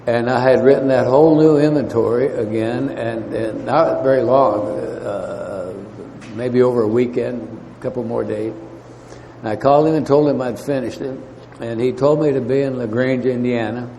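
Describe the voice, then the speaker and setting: Brief: man, halting storyteller, mellow low tone, long hall reverb, faint background hiss. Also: fairly even intonation, creaky. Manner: halting, many fillers and restarts. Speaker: recovery meeting speaker. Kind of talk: storytelling talk. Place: meeting hall.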